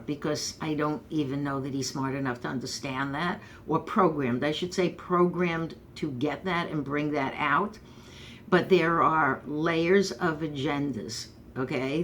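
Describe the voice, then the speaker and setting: Low-voiced New woman, sarcastic. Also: a little hiss or hum. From Brooklyn, New York. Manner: rambling, sarcastic, animated asides. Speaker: host. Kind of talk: casual political commentary monologue.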